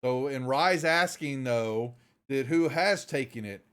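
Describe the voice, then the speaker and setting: A man's voice: medium pitch, measured pace, fairly bright tone, clean tone. A man running a tabletop game on a live stream, rambling and restarting as he talks. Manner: rambling, restarts often, greets viewers. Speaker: game master.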